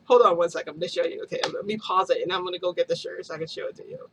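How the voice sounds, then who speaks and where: A woman's voice: on the low side, racing, a little hiss or hum. Giggly, gushing woman vlogger. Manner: giggly, gushing, addresses viewers as "guys". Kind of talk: chatty storytelling to viewers.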